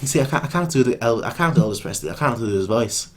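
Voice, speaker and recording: A man's voice: medium pitch, animated, quick pace, a little mellow. A man hosting a reaction video, reading a manga aloud and joking in a rambling way, stumbling over his words.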